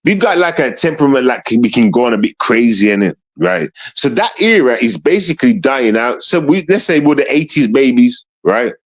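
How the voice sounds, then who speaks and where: A man's voice: mid-range voice, sing-song, moderate pace, few pauses. A man, ranting on his livestream in street slang and repeating himself. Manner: repetitive, confrontational street slang. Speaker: streamer.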